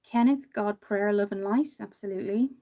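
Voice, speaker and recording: A woman's voice: mid-range voice, moderate pace. A tired woman from Ireland with a mixed Irish accent, chatting casually with viewers on a makeup livestream and reading out their comments. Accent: Irish, not tied to one county, with some American mixed in. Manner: chatty, sympathetic, trails off quietly mid-thought. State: tired after one hour of sleep.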